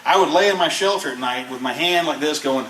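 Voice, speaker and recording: A man with a bright, forceful voice spins his anecdotes in a loose, chatty way, laughing often as he goes. He is picked up from a distance in an echoey room with a little noise underneath. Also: on the high side, brisk. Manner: animated, laughing through anecdotes. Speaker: guest recounting a survival show. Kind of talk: casual storytelling.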